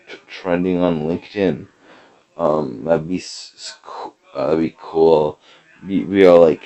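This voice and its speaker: A man hosting a podcast, delivering a rambling deadpan comedy monologue full of fillers and hesitations. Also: low-pitched, muffled recording. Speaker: podcast host.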